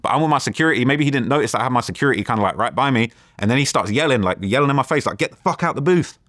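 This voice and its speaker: London guy rattling off a story in an interview, quick, lowish voice, dry studio sound. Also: no echo. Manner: rambling, animated retelling with quoted back-and-forth. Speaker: interview guest.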